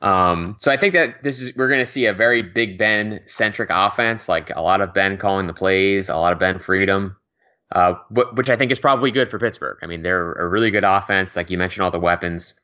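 A man's voice: deep voice, pushed and bright, highs cut off. A man co-hosting a sports betting podcast, chatting casually with many fillers. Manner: quick, conversational, many fillers and laughs. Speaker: podcast co-host.

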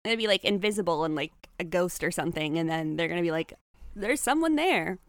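A woman playing a tabletop game, lively and chatty. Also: lowish voice, fast talker, clean tone, no room sound. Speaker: player.

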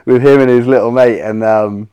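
A man chatting on a podcast as a guest, telling stories in a rambling, animated way with lots of fillers. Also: medium pitch, normal speed, smooth, dull audio. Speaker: podcast guest, soap brand owner. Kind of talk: casual podcast chat.

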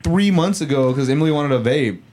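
A man's voice: on the high side, fast talker, darkish tone. A young man in casual chat, telling a story with lots of swearing and acting out the quotes.

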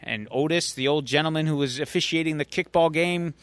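A man's voice: a little high, brisk, few pauses, fairly bright tone, no room sound. A man co-hosting a podcast, casually recapping a comic book story and acting out its quotes. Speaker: podcast co-host.

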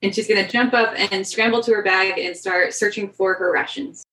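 A woman's voice: medium pitch, steady tone, fairly quick, fairly bright tone, reverberant, poor audio. A woman playing a tabletop game, chatting cheerfully in character. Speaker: player. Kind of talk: tabletop role-play.

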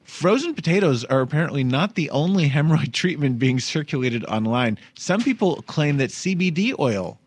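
A man's voice: on the high side, animated, normal speed, hardly any pauses, no room sound. Wry New man hosting a podcast. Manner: chatty, wry, laughs while talking. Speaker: podcast host. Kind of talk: casual comedic news chat.

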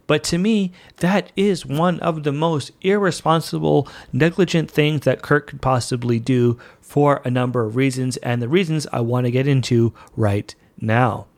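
A man hosting a fan podcast, talking in a chatty, excitable and playful way about a show he loves. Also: mid-range voice. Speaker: podcast host. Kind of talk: enthusiastic fan podcast monologue.

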